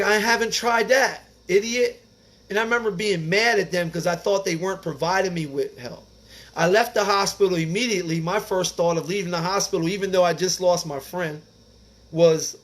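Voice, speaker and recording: A man with a high-pitched voice reads a recovery text aloud and stops often to add his own earnest, informal commentary. His delivery is casual, full of "like" and "man", and he comes back to the text after each aside. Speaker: recovery speaker reading the Big Book. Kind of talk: reading aloud with personal commentary.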